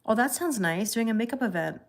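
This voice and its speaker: A woman hosting a tarot livestream in a calm, chatty way, reading viewer comments aloud and thanking people by name. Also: fairly high pitch, fairly quick. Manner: calm and relaxed. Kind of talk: casual livestream chat.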